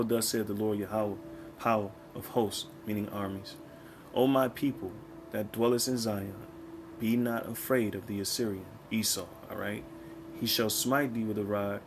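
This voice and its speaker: A man from the United States teaching scripture in a casual, conversational way, often checking in with his listeners and reading verses slowly before explaining them. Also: fairly low pitch, noisy background. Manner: conversational, keeps checking in with "all right?" and "man"; reads verses slowly, then explains them in plain talk. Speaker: preacher.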